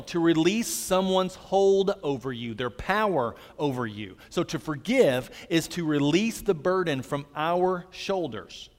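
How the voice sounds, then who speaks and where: A man delivering a sermon with an earnest, gentle manner, his voice sitting a little higher than most men's. The sound hangs in a long reverb, as in a large hall. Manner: earnest, gentle storytelling preacher. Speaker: pastor.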